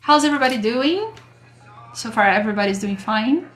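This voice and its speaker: A woman's voice: on the high side, expressive, a little fast, a bit bright, faint music behind. A woman teaching an English grammar lesson on a livestream, chatting with viewers and greeting them by name.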